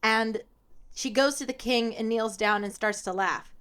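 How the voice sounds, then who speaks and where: A woman's voice: a little high, a little slow, fairly bright tone, clean tone. A woman in a casual podcast chat who recaps a reality show and acts out the lines she quotes. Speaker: podcast correspondent.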